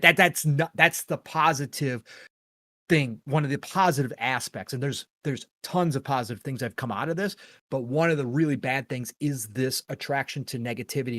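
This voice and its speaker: A man's voice: medium pitch, a bit bright, no room sound. A middle-aged man hosting a gaming podcast, talking in an earnest, rambling, opinionated way with casual swearing. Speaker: podcast host.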